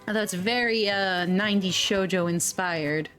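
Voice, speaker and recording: A woman's voice: mid-range voice, moderate pace, a bit bright, faint music behind. A woman streaming a video game, chatting casually and reading its dialogue aloud. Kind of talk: casual gameplay commentary.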